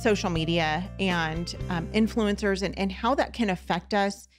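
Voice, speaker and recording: A woman's voice: mid-range voice, normal speed, music in the background. A middle-aged woman from Southern California hosting a casual podcast conversation, chatty with frequent fillers and restarts. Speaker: podcast host.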